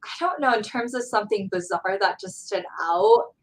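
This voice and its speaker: Young woman, interview guest, gravelly edge, earnest motivational tone. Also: a little high, very animated, normal speed, poor audio. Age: young adult. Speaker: guest speaker. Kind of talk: casual interview chat.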